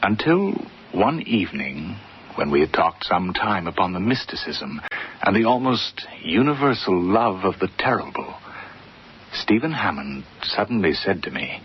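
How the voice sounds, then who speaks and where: An actor in a radio drama playing a refined gentleman, speaking in a polished, lyrical way. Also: low voice, very animated, unhurried. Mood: reflective. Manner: polished, lyrical, slightly teasing. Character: refined, reflective young gentleman narrator. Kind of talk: 1950s-style BBC radio drama acting. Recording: dull lo-fi radio recording with faint hiss.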